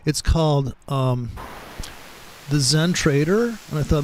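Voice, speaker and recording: A man's voice: fairly high pitch, moderate pace, slight background noise, rough recording. A man hosting a casual trading chat, rambling through stories and swearing freely as he talks over charts. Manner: rambling, profane, storytelling. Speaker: trading show host.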